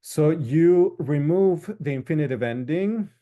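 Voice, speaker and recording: Male instructor, unhurried and halting, warm low-key tone, lists forms one at a time. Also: lo-fi sound. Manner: slow, halting explanation with frequent fillers; spells out verb forms one by one. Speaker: Italian instructor. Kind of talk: recorded lecture.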